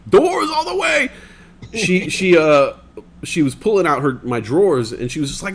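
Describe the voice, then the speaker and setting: A young man chatting on a livestream, his voice fairly high and bouncing all over the place as he tells a story. He swears freely and keeps slipping into the voices of the people in it. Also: normal speed, slight background noise. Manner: animated, swears often, acts out quoted voices. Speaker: stream co-host. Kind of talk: casual storytelling chat.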